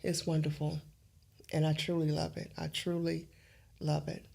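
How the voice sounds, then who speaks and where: A middle-aged woman appearing as an interview guest tells her story with animation, acting out the dialogue. Her voice is low and creaky, and she speaks at a normal speed.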